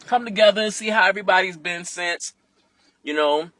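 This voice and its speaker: A man vlogging from inside a car, telling a candid, profane personal story with animated delivery. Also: high voice, a little fast, no room sound. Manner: animated and profane, acts out other people's voices.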